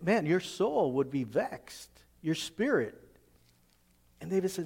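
A man's voice: on the high side, sing-song, slow pace, creaky, a little mellow, husky, in a large hall. A man preaching a sermon as pastor, reading scripture aloud and explaining it in plain, earnest words.

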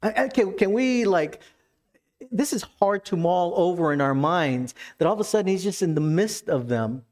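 A pastor preaching a sermon, animated and casual, rising with excitement as he retells scripture scenes. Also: normal speed. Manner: animated, rises in pitch when retelling scenes.

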